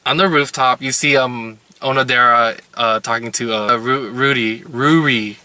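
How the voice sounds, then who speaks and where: A man recaps anime episodes in a loose, rambling way, with fillers all through his sentences. His voice is very bright and tense at an ordinary middle pitch. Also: fairly even intonation, measured pace, no room sound. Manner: rambling, heavy use of "like" and "you know". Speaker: anime reviewer.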